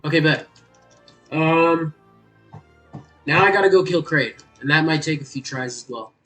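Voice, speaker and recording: A man giving loud, exasperated gameplay commentary as a gaming YouTuber. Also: a little high, a little slow, far from the mic, soft background music, poor audio.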